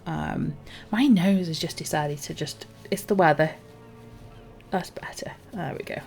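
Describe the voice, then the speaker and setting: A woman streamer talking through her game casually, rambling and filling pauses with ums. Her voice sits low, and soft music plays faintly behind her. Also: creaky. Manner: chatty, rambling, many ums. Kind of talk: casual gameplay commentary.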